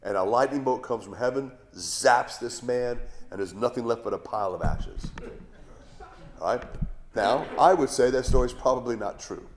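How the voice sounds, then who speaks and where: A man's voice: medium pitch, normal speed. A middle-aged male pastor giving a sermon in a conversational way, with rhetorical questions and asides.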